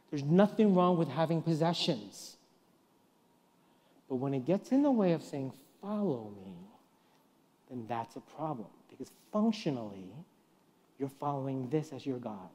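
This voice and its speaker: A middle-aged man preaching a guest sermon in a church, telling stories and acting out the voices he quotes, swinging from soft to loud. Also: medium pitch. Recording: long reverb of a church hall.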